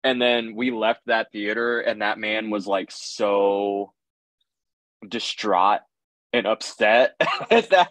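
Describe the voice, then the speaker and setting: Low-voiced man telling a joking story. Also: slow, no echo. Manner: joking, deadpan asides, slangy. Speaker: podcast co-host, tattoo artist. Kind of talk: casual storytelling chat.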